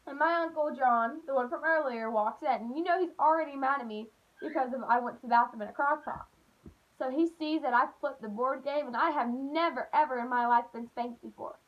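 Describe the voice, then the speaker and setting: Woman, high-pitched, animated vlog storytelling, dull lo-fi sound. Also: a little fast. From Appalachian United States. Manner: animated storytelling, acting out voices, lots of "like". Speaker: vlogger. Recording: dull lo-fi recording.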